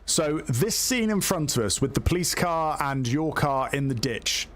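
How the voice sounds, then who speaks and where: A man's voice: a little high, expressive, measured pace, fairly bright tone, slight background noise. A man streaming a police game live, talking himself through it in a hesitant, chatty way full of fillers. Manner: hesitant, chatty, lots of fillers and self-talk. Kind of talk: live gameplay commentary.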